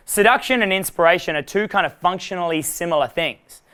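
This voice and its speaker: A man giving a live dating seminar, animated and profane, laughing at his own jokes. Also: high voice, brisk, smooth. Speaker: dating coach.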